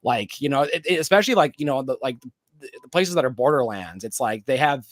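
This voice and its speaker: A man's voice: medium pitch, lively intonation, brisk, no room sound. A man co-hosting a podcast, recapping a TV episode in casual chat, rambling with lots of fillers and restarts. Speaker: podcast co-host.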